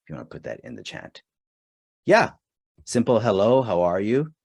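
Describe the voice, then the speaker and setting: A man's voice: on the low side, wildly swooping pitch, moderate pace, gravelly, darkish tone, no room sound. A man running a live online customer service training, talking casually and reading chat answers aloud with many fillers. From Canada. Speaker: webinar trainer.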